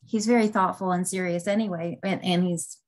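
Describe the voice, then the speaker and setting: A woman's voice: fairly low pitch, fairly even intonation, brisk, darkish tone, low-quality recording. A woman co-hosting a podcast, telling a story in a chatty way with lots of ums and restarts. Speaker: podcast co-host. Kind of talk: casual storytelling.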